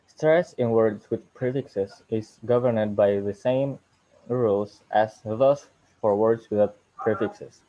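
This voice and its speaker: A young man from Indonesia, giving a halting student class presentation that walks through slide examples. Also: lowish voice. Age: young adult. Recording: muffled lo-fi recording.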